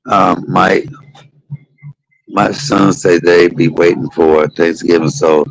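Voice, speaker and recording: A middle-aged livestream host with a deep voice tells casual stories slowly and with fairly even intonation. His chatty, vernacular monologue drifts from memory to memory. The low-quality recording has no room sound.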